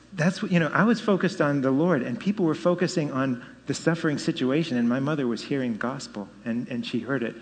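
A man in his fifties giving a personal faith testimony, telling it with animated storytelling and rising emphasis. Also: medium pitch. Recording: long hall reverb.

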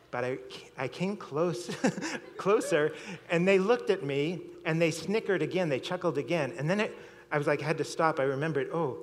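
Chuckling man preaching in a reverberant hall. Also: a little high. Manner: storytelling, chuckling often, repeating words. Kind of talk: sermon.

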